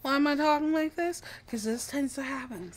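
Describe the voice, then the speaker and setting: A young American woman from the US East Coast streams a game, chatting casually and playfully and calling herself a bit dramatic. Her voice is high-pitched and a little fast, with slight background noise.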